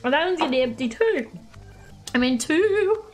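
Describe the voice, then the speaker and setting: A woman's voice: high voice, expressive, normal speed, a little mellow, faint music behind. An Australian woman streaming a game live, exclaiming, laughing and swearing at her mistakes. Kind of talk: live gameplay commentary.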